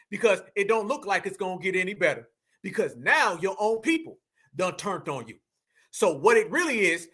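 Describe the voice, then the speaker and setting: Fiery high-voiced man ranting. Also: pushed and bright. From United States. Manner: fiery, profane, slangy, emphatic repetition. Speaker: commentary channel host. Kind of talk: heated commentary monologue.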